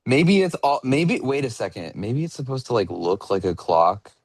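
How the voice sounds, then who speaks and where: A young man co-hosting a fan podcast in casual chat, thinking out loud as he goes. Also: mid-range voice, big pitch swings, moderate pace, dry recording. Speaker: podcast co-host.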